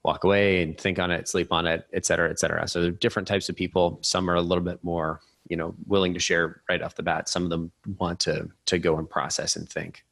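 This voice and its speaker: Male podcast co-host, very low voice, dry close sound, relaxed and chatty. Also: quick pace, vocal fry, few pauses, dry recording. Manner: relaxed, conversational, self-deprecating. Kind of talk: casual podcast conversation.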